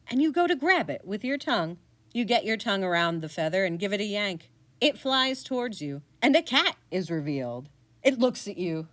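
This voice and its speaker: A woman narrating a choose-your-own-adventure story in second person, playful and animated. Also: mid-range voice. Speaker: podcast narrator.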